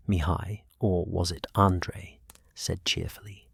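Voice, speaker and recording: Soft-spoken low male sleep-story narrator. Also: little pitch movement, gravelly, breathy edge, no echo, studio quality. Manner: slow, soft, partly whispered.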